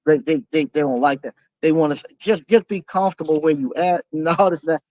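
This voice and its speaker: A man's voice: on the high side, a little mellow, dry recording, rough recording. A man talking casually to camera as a vlogger, earnest and determined, often chuckling, with many fillers and restarts. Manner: halting, full of fillers and restarts.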